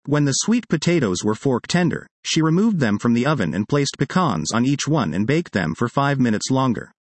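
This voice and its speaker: A man reading a first-person magazine article aloud in a lively, expressive way. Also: medium pitch, normal speed, dry recording.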